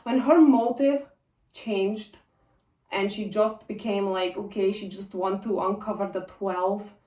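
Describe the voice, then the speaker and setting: A woman's voice: mid-range voice, steady tone, unhurried, dark tone, recorded from a distance, close to an everyday voice. Woman voicing a defiant female assassin, put-on Russian accent, swearing and indignant, echoey room, cheap mic. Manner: indignant, swearing, self-justifying. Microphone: poor-quality mic.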